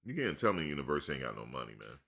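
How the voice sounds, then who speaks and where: A man's voice: extremely low pitch, very animated, very fast, fairly bright tone, husky. A man hosting a live chat, talking loosely and animatedly, full of slang and "dude". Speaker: live stream host. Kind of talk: casual live chat commentary.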